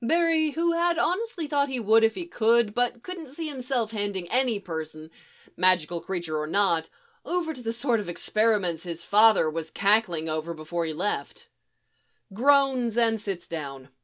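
A woman narrating a story in a wry, measured way. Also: medium pitch, animated, fairly bright tone. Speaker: reader.

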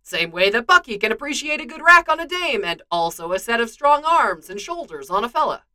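A woman reading fan fiction aloud with expressive storytelling. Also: on the high side, a little fast. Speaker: narrator.

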